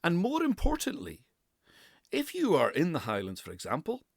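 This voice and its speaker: Man, speech coach, animated intonation, careful exaggerated demonstrations, dry close sound. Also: on the high side, normal speed, gravelly, slightly rough, dry recording. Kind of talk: pronunciation lesson.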